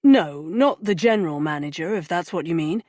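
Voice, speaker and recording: A woman voicing a composed male bank manager who speaks calmly and matter-of-factly in an audiobook. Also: on the low side, moderate pace, dry recording, clean studio sound. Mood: curt. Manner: calm, clipped, matter-of-fact.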